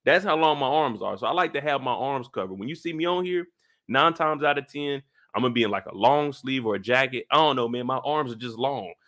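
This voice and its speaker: A man's voice: mid-range voice, lively intonation, a little fast, a bit bright, dry recording, clean studio sound. A man in his thirties hosting a live stream, chatting loosely in slang and greeting viewers by name. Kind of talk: casual live-stream review chat.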